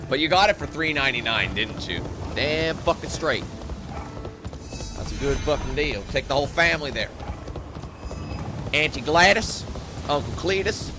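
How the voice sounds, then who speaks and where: A man's voice: mid-range voice, animated, normal speed. A man from Canada giving joking, profane gameplay commentary in a rambling, playful way. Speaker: gaming commentator. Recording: game music loud underneath.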